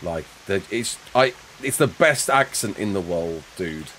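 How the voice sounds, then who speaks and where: A young man chatting casually with viewers while playing a game live, quick to laugh and often restarting his sentences. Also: low voice, lively intonation, a bit bright, a little hiss or hum. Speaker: live streamer.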